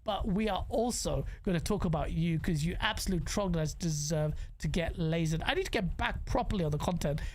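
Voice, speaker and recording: A woman's voice: on the low side, brisk, few pauses, a little mellow, no room sound. A woman hosting a gaming podcast, ranting and swearing with heavy sarcasm. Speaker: podcast host. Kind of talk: heated gaming podcast chat.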